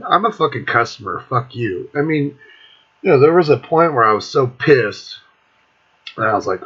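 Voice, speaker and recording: A man's voice: mid-range voice, lively intonation, normal speed, fairly bright tone, husky. A middle-aged man on his own video channel, ranting casually with constant swearing and irritation. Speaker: music vlogger. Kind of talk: profane casual rant. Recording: dull lo-fi recording.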